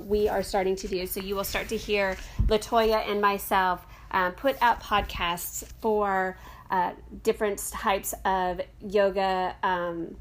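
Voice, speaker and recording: A middle-aged woman talks through a casual yoga podcast, chatty and loose, with plenty of "uh"s and restarts. Her voice sits at an ordinary middle pitch for a woman. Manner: chatty, rambling, with many fillers and self-corrections. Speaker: podcast host and yoga teacher.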